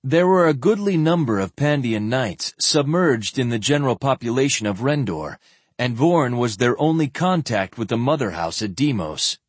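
A man narrating a fantasy novel as an audiobook, with expressive, varied delivery close to the microphone. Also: mid-range voice, slightly rough, no echo.

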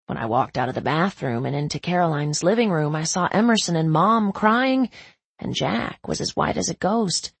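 A woman reads a first-person novel in a low, gravelly, husky voice. The sound is close and dry, and her delivery is intimate and emotional. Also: no room sound. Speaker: audiobook narrator. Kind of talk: first-person audiobook narration.

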